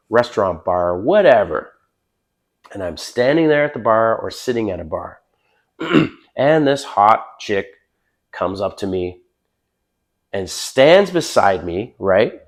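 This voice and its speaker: An older man with a raspy, hoarse voice after being sick, giving blunt, chatty dating advice straight to the viewer and calling him bro. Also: lowish voice. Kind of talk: casual to-camera advice talk.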